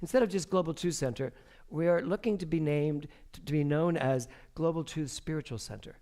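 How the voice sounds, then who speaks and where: A man's voice: on the high side, a little fast, mellow. A man leading a church service as spiritual director, talking casually from the pulpit in a chatty, playful way and laughing often. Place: church sanctuary.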